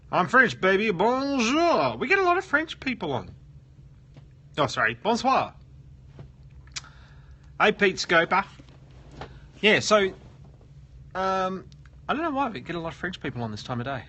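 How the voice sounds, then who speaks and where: A man's voice: medium pitch, pushed and bright, breathy edge. An Australian man hosting a casual live stream from his office, joking around and reading viewer comments aloud. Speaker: host of a live SEO question stream. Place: office at work.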